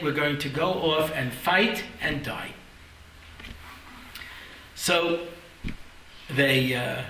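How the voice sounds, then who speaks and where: Guy giving a funny torah class, really bright forceful voice, tosses in little character voices, echoey room w faint background hum. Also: fairly high pitch. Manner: storytelling with jokes, acted-out voices, frequent "yeah?". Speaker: Torah teacher.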